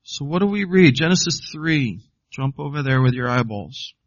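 A man's voice: mid-range voice, lively intonation, normal speed, no echo, highs cut off. A man preaching a sermon as pastor, emphatic, often putting questions to the congregation.

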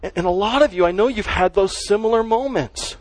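A man's voice: high voice, a little fast, dry recording, poor audio. A man preaching a sermon as pastor, stressing and repeating key words as he teaches.

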